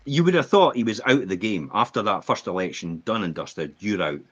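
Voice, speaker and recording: Animated husky man, lo-fi podcast. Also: brisk. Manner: animated storyteller, acts out quotes with big pitch jumps. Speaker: podcast co-host. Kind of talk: casual business chat. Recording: dull lo-fi podcast audio.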